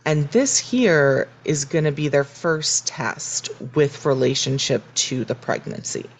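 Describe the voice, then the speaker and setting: A woman with a low, deep voice talking casually on a podcast. She swings her pitch widely, rising and dipping as she acts out what the characters say. She is thoughtful and often restarts her sentences. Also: expressive, takes it slowly, slightly rough. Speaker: podcast co-host. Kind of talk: casual recap chat.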